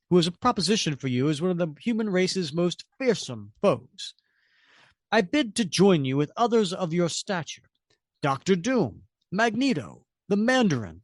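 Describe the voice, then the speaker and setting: A mysterious male schemer speaks in a formal, coaxing tone, as a man reads him from a comic. His voice is pitched above the reader's own. The sound is dry and close. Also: no echo. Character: mysterious powerful male schemer, smooth persuader.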